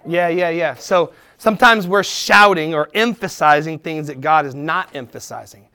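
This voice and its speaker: High-voiced preacher guy, middle-aged, animated sermon, acts out voices, goes soft and gentle at times. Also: normal speed, clear, resonant tone. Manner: drops to a soft, quiet tone for encouragement. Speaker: pastor.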